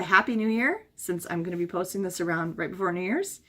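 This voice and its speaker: A hoarse middle-aged woman chatting casually as a travel vlogger, rambling through memories with many fillers. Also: fairly low pitch, animated, a little fast, a bit bright. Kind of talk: casual chat.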